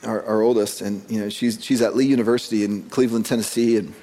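This pastor, a man in his forties, speaks quickly in a lowish, dark voice with fairly even intonation. Preaching conversationally to a congregation in a church sanctuary, he shares stories, chuckles at himself, and tends to repeat words when starting a phrase.

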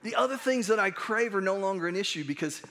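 High-voiced pastor preaching conversationally. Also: male voice, animated, fast talker, sharp tone. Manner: conversational, earnest, with frequent restarts and acted asides. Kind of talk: sermon.

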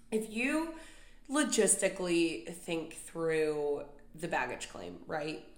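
A young adult woman hosting a podcast, delivering a comedic solo rant full of profane, exasperated complaints. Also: deep voice. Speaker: podcast host. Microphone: podcast microphone. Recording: roomy echo.

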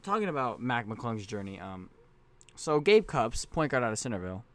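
A man's voice: medium pitch, big pitch swings, moderate pace, fairly bright tone. A teenage boy co-hosting a casual sports podcast, easygoing and teasing his friend. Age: teens. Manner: easygoing, laughs along, teasing. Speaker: podcast co-host.

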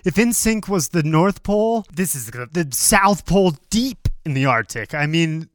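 A man from Colorado co-hosting a podcast about music, talking with eager enthusiasm and self-deprecating jokes. His voice sits a little high and comes across smooth and clear. The recording is dry and close, with no room sound. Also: expressive, normal speed, no room sound. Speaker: podcast co-host. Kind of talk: casual chat about music.

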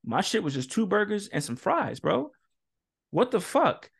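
A man's voice: high voice, unhurried, gravelly, breathy edge. A young man co-hosting a casual podcast, telling a story with lots of cursing and acted-out quotes. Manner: animated storytelling, heavy cursing, acts out quotes. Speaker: podcast co-host.

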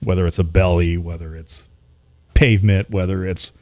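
A man's voice: deep voice, fairly even intonation, moderate pace, darkish tone, dry recording, clean studio sound. A man, a radio DJ chatting casually as a podcast guest, rambling and poking fun at himself. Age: 40s. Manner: rambling, self-mocking, chuckles often.

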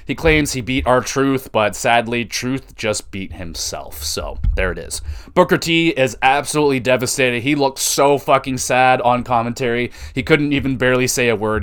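A man hosting a podcast, recapping wrestling shows in a casual, excitable way and swearing freely. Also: medium pitch, clear, resonant tone. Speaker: podcast host.

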